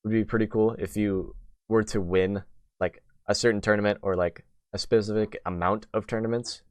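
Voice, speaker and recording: A young man chats on a gaming podcast in a loose, rambling way, padding his thoughts with fillers and restarts. His voice sits a little low and sounds smooth and clean. The close mic gives a dry sound with no room in it. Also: fairly even intonation, moderate pace, a little mellow, dry recording. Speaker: podcast host. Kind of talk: casual podcast chat.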